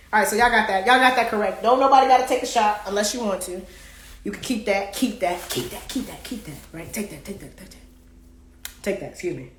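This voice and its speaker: Hosting a live card game, a woman with a rather high, fairly bright voice reads the cards aloud playfully and sings song snippets. The echoey recording carries slight background noise.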